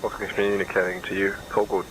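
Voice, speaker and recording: A man with a very deep voice makes relaxed, offhand pilot radio calls. He sounds like radio chatter, with loud aircraft engine noise behind him. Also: fast talker.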